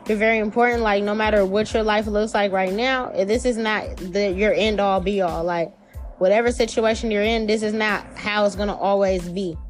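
A woman's voice: fairly even intonation, moderate pace, soft background music. Chatty, slangy woman giving a spiritual reading. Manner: chatty, slangy, swears freely; acts out imagined voices with big pitch jumps. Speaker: tarot reader.

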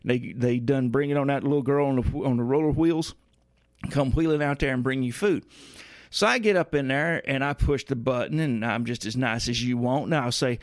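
A man's voice: medium pitch, fairly quick, no room sound, studio quality. A man hosting a radio show, telling a rambling comic story in a folksy way, with grumbling asides. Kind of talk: comedic rambling monologue.

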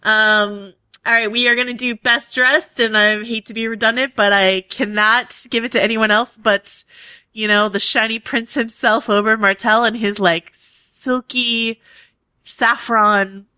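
A woman's voice: fairly high pitch, fairly even intonation, measured pace, sharp tone, clear, resonant tone, no room sound. A woman co-hosting a casual podcast, talking through a TV episode with enthusiasm and plenty of fillers. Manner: enthusiastic, fan-style with many fillers. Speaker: podcast co-host. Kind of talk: casual TV recap chat.

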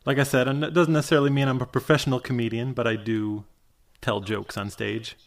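A man guesting on a podcast, talking in a relaxed, self-deprecating and joking way. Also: mid-range voice, quick pace. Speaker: guest, cartoonist. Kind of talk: casual interview chat.

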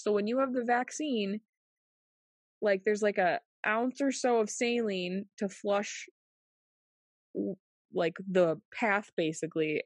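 Woman, casual storyteller, animated and quick to laugh, dry close sound. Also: no room sound. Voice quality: frequent fillers like "like" and "um". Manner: animated, laughs often, acts out quotes in a higher voice.

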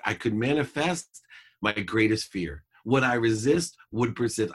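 A man's voice: mid-range voice, husky. A middle-aged man talking as a guest in a podcast interview, telling a personal story in an earnest, reflective and emphatic way.

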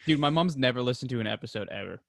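A young man trading casual banter on a podcast, his pitch jumping around as he talks. He swears often and laughs easily. The sound is dry and close to the mic. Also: animated, rapid-fire, creaky, no room sound. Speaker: podcast co-host.

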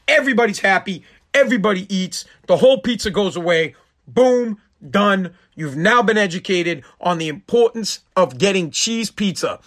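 A man hosts his own podcast from home, ranting in a loose, profane monologue. His voice is bright and forward, sitting a little higher than most men's. He sounds exasperated. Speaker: podcast host. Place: home, streaming live.

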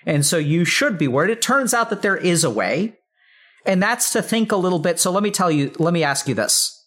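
Man, interview host; casual storyteller, animated, tenor-ish, salty language. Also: sits high, brisk. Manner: animated, swearing, acts out voices in stories.

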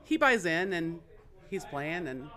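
A woman in her fifties tells a story on a casual podcast, with lively pacing. She jumps into a higher voice whenever she acts out what someone said. She speaks as an instructor who has been in her trade for decades. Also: unhurried, faint music behind. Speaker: dealing school instructor.

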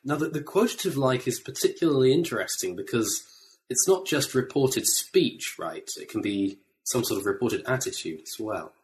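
A man interviewing an author, asking measured, clear questions. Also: mid-range voice, very animated. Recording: faint background noise.

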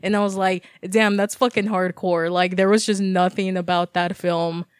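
A woman's voice: on the low side, flat delivery, normal speed, clean tone, no echo. Woman, casual podcast chat, rambling, filler-heavy, dry close mic. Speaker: podcast co-host.

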